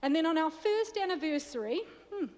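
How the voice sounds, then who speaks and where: A woman's voice: extremely high pitch, animated, brisk, darkish tone. A woman with a New Zealand accent preaching a sermon, chatty and joking with the congregation. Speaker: guest preacher. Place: church. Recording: long reverb of a church hall.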